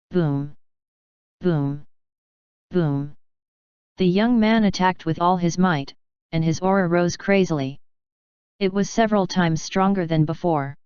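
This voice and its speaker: A woman narrating a fantasy novel audiobook in a steady, even reading. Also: fairly low pitch, clean tone, no echo, dull audio.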